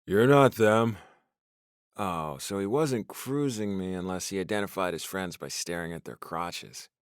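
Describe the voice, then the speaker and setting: A man's voice: deep voice, moderate pace, clean tone, dry recording, studio quality. A man narrating a novel in the first person, with a wry, exasperated storytelling manner. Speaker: audiobook narrator.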